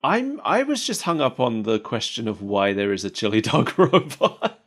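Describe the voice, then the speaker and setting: A man's voice: medium pitch, very animated, normal speed, a bit bright. A man co-hosting a podcast, chatting casually and laughing often between wry asides. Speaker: podcast co-host. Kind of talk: casual chat.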